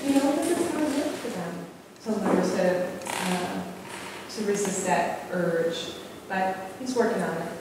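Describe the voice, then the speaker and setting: A woman giving a candid, conversational talk to an audience as a parent, with frequent fillers. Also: mid-range voice. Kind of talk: informal presentation to an audience. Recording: echoey hall, far from mic, room noise.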